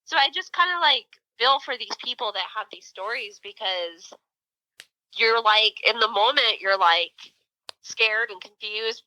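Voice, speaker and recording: A woman's voice: on the high side, normal speed, dry recording, low-quality recording. A middle-aged woman co-hosting a podcast, telling a story in casual chat with lots of fillers. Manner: animated storytelling, many fillers. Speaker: podcast co-host.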